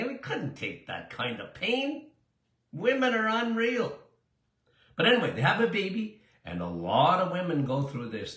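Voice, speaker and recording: A man's voice: a little high, a bit bright, reverberant. An older man, a doctor answering listener questions in a chatty, emphatic way that drifts into tangents. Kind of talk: casual call-in style Q&A monologue.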